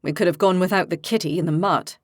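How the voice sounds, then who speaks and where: A woman's voice: on the low side, fast talker, no room sound, studio quality, natural voice. A woman voicing a brash, boastful young male warrior with cocky, mocking banter.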